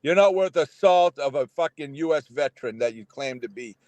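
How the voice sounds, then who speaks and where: A man's voice: fairly high pitch, lively intonation, a little fast, darkish tone, no room sound. Ranting, profane man on a stream. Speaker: guest caller. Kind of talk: casual chat.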